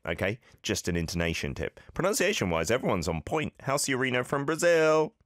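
A man's voice: mid-range voice, big pitch swings, fast, hardly any pauses, fairly bright tone, no echo, studio quality. A man hosting a radio show, chatting casually and giving friendly tips to listeners. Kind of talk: casual broadcast chat.

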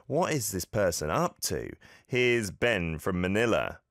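A man's voice: low-pitched, very animated, a little slow, a bit bright, dry recording. A man hosting a casual language-lesson podcast, chatty and playful, repeating phrases aloud to model them. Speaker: podcast host teaching Korean.

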